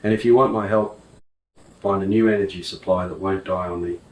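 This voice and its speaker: A man's voice: deep voice, steady tone, brisk, reverberant, recorded from a distance, close to an everyday voice, low-quality recording. A man doing a needy machine woman with a comic English accent. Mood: pleading. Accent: comic English put-on. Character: female drone turned woman, needy and flirty.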